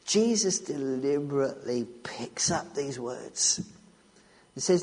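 This preacher's voice is on the high side, a little mellow with a breathy edge, lively in intonation yet unhurried. He delivers an emphatic sermon on scripture, restarting sentences and repeating key phrases, while a large hall adds long reverb.

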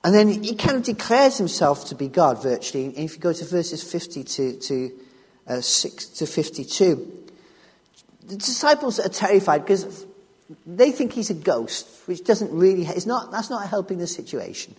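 A man's voice: high voice, sing-song, moderate pace, a little mellow, breathy edge. A man preaching a sermon on scripture, emphatic and repeating key phrases as he restarts his sentences. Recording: long reverb of a large hall.

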